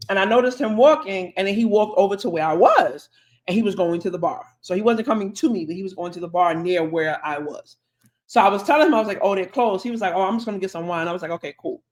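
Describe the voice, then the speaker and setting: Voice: mid-range voice, fast talker. A podcast co-host telling a long, chatty anecdote in casual conversation, acting out the dialogue along the way. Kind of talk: casual storytelling.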